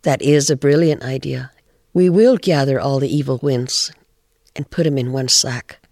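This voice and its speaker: A man's voice: medium pitch, moderate pace, creaky, darkish tone, no echo, clean studio sound. A man voicing a wise old female owl who leads the animals' meeting and firmly turns down volunteers. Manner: firm and decisive.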